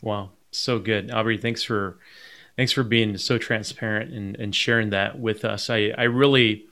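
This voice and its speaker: Man, podcast host, gravelly voice, encouraging, searching for words. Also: fairly low pitch, fairly even intonation, a little slow, pushed and bright. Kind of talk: conversational podcast.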